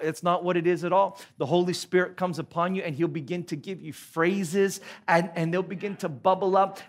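An Australian pastor preaching a sermon at a church service, earnest and emphatic with playful asides. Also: male voice, sits high.

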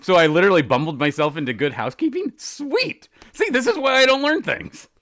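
Animated joking man with a bright voice. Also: high voice, fairly quick, no room sound, studio quality. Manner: animated, mock-outraged bits, self-mocking. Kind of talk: casual comedic chat.

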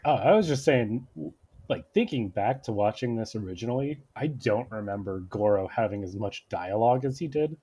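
A man's voice: on the low side, lively intonation, normal speed, mellow, husky. A man co-hosting a casual movie podcast, making wry, dry jokes. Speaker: podcast co-host. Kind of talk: casual movie-rewatch chat.

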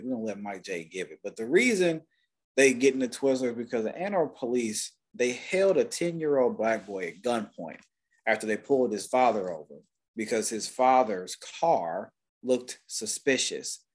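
A man's voice: fairly low pitch, breathy edge. A man co-hosting a podcast, talking in a blunt, heated and profane way. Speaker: podcast co-host. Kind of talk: casual opinionated chat.

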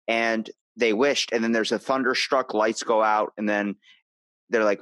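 Low-voiced man rambling through a story. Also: flat delivery, moderate pace, a bit bright, clear, resonant tone, dry recording. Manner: rambling storyteller, restarts and retells plots. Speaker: podcast host. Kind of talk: casual chat.

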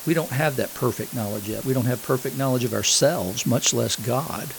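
A man's voice: mid-range voice, normal speed, creaky, slight background noise, low-quality recording. A man preaching a sermon. He reads scripture aloud, explains it, and puts questions to his listeners. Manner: asks the congregation questions.

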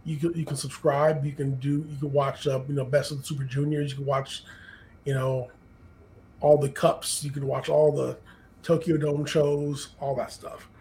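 A man co-hosting a wrestling podcast in casual chat, talking in a measured way and thinking aloud with frequent pauses. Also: fairly high pitch, flat delivery, a little mellow, rough recording. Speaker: podcast co-host.

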